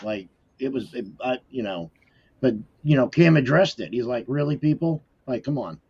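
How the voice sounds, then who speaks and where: A man co-hosting a podcast, reacting with animated exasperation. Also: medium pitch, moderate pace, breathy edge. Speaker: podcast host. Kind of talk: casual podcast chat. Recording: dull lo-fi mic.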